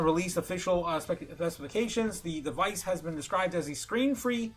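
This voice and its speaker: A man hosting a casual livestream, talking excitably with lots of fillers and chuckles. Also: high-pitched. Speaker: livestream host.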